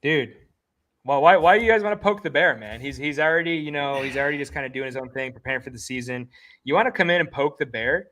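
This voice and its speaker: An excitable man co-hosting a casual sports betting chat, with a slightly high voice. He jokes around and talks in rapid bursts of hype. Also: slight background noise. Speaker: podcast co-host.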